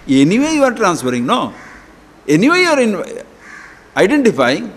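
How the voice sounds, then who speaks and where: A man delivers a spiritual talk, throwing out rhetorical questions with a lively, chuckling manner. His voice sits high for a man. The sound rings with a long reverb from a large hall. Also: normal speed. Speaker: spiritual teacher. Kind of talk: spiritual discourse.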